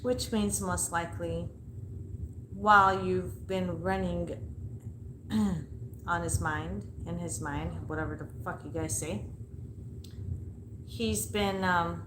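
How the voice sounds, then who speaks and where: A woman's voice: on the low side, steady tone, slow, long pauses. A young woman talks through a casual live reading in a chatty, playful way. She is blunt and swears freely between teasing asides. A faint hiss sits behind her voice. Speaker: live psychic reader.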